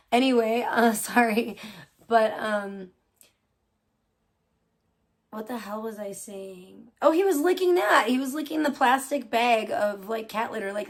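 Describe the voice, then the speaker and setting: A young woman talks loosely on a late-night live stream, her voice sitting a little high. She rambles from one thing to the next with constant fillers and throws in casual swearing.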